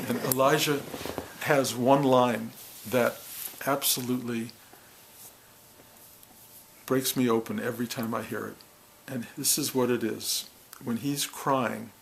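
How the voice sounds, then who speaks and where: A man speaking as a spiritual teacher to a gathering, earnest and heartfelt, in short halting phrases. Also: mid-range voice, gravelly, a little hiss or hum, rough recording. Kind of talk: reflective spiritual talk to a gathering.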